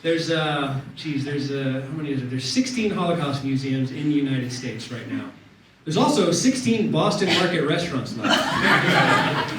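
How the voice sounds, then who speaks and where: A man performing a stand-up set on a club stage, deadpan, with many fillers and quick put-on voices. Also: fairly high pitch. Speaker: stand-up comedian. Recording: distant echoey club recording with loud noise. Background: audience laughter.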